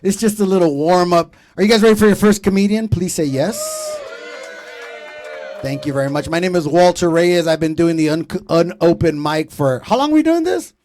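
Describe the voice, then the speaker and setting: A man in his thirties hosting a comedy show, doing loud, profane, teasing crowd work from a club stage. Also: high voice, fairly quick, hardly any pauses.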